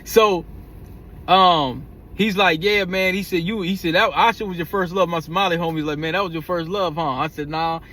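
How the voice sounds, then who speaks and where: Man, high voice, casual vlog talk, rambling, slangy, trips over his words. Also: steady tone, moderate pace, pushed and bright. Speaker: vlogger.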